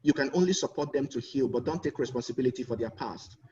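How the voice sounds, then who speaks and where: An earnest man speaks as a guest speaker at a conference, his voice at an average pitch. He often circles back over his words while building a point. The sound is muffled and picked up from a distance over an online call. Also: fast talker, warm tone, a little hiss or hum. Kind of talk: conference talk.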